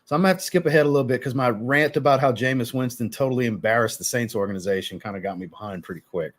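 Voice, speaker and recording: A man's voice: medium pitch, racing. A man hosting a fragrance livestream, greeting viewers by name, then ranting bluntly and profanely before apologizing. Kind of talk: casual livestream chat reading viewer comments.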